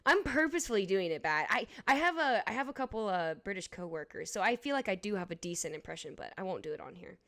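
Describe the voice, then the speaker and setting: Female podcast co-host, teasing and chatty, relaxed casual delivery. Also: medium pitch, fast talker, few pauses. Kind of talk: casual chat.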